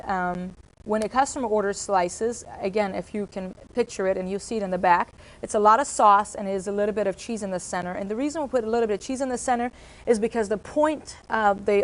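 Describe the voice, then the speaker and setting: A woman's voice: medium pitch, brisk. Woman explaining restaurant procedures to staff. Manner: explanatory, with fillers and self-corrections. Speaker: restaurant trainer. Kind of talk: staff training talk.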